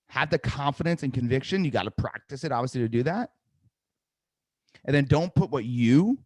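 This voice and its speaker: Energetic New sales trainer, dry sound. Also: male voice, medium pitch, no echo. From New Jersey. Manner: energetic, direct, coaching tone with many "right?" tags. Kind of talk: live webinar coaching.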